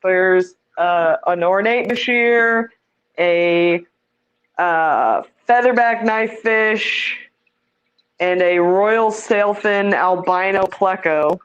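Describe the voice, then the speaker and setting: A woman's voice: medium pitch, extremely slow, highs cut off. A woman giving a casual tour of the fish tanks in her home, chatty and self-deprecating, laughing easily.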